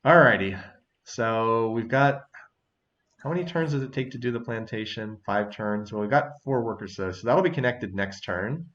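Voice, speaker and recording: A man's voice: medium pitch, normal speed, fairly bright tone, muffled recording. A man hosting a strategy game session, chatting casually, thinking aloud and laughing often. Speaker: let's-play host. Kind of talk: casual gameplay commentary.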